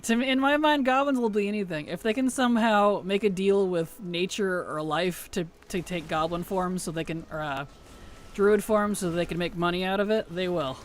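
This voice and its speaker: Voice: mid-range voice, moderate pace. A streamer chatting casually while playing, laughing often and answering questions from chat.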